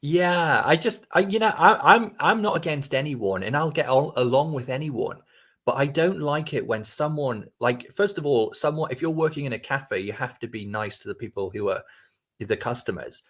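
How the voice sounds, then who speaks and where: A man's voice: medium pitch, animated, normal speed, a bit bright. A man as a podcast guest, telling a story in casual chat, rambling with many restarts and frequent swearing.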